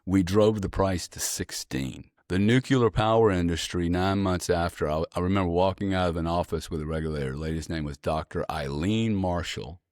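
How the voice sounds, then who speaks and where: A man guest on an interview podcast, telling stories in a blunt, profane, animated way. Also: sits low, no echo, studio quality. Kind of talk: casual storytelling interview.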